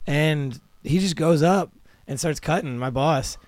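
Animated young man telling stories. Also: on the high side, unhurried, no room sound. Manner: animated, acts out quotes, swears a lot. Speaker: podcast co-host. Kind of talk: casual storytelling chat.

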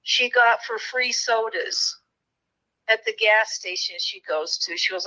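Bright-voiced woman telling a true crime story. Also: on the high side, a little slow, low-quality recording. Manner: earnest storytelling, moved at times. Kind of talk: interview conversation.

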